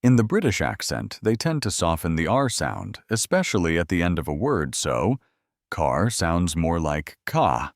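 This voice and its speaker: A man giving scripted narration for an English listening lesson, explaining slowly and clearly. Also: low-pitched, sing-song, no room sound, studio quality. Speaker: English teacher.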